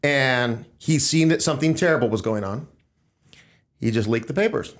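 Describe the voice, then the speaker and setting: A man's voice: mid-range voice, normal speed. Opinionated man on a podcast. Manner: opinionated, emphatic, rambling. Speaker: podcast host. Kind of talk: casual political discussion.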